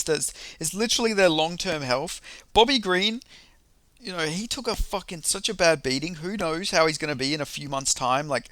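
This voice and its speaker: Bright-voiced man ranting, swearing freely. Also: on the high side, dry recording. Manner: profane, rambling and heated. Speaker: MMA commentator. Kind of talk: casual ranting vlog.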